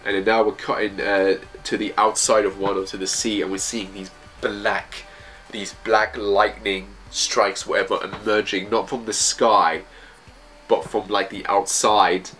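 A man's voice: lowish voice, little pitch movement, unhurried, a bit bright, soft background music. A man reviewing manga chapters in casual commentary, reading panels aloud in loose, slangy phrasing.

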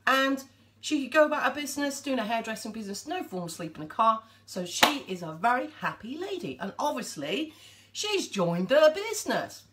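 A woman's voice: on the high side, big pitch swings, fairly quick, very noisy. A woman chatting casually to viewers on a live stream, addressing them directly as she talks.

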